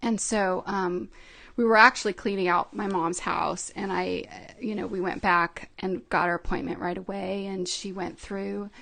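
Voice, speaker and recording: A middle-aged woman speaking as a podcast guest, telling a personal story in a soft, halting way with many fillers. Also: mid-range voice, steady tone, gravelly.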